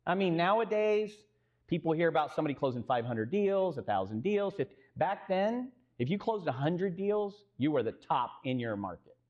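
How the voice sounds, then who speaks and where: Speaking at a moderate pace in a slightly high voice, this Texan-accented man recounts a business story on stage as a real estate co-founder. He animatedly voices the dialogue and quizzes the audience, though the highs are cut off.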